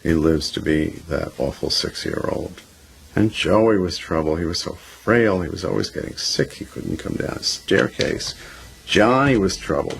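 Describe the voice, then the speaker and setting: A man's voice: low-pitched, creaky, a little hiss or hum, low-quality recording. A man giving a blunt, emphatic documentary interview.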